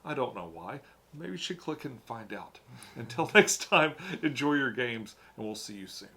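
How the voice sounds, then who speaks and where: A man's voice: mid-range voice, animated, normal speed, bright, forceful tone. A man co-hosting a board game review, chatting casually with his partner and signing off the video. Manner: easygoing, chatty sign-off host.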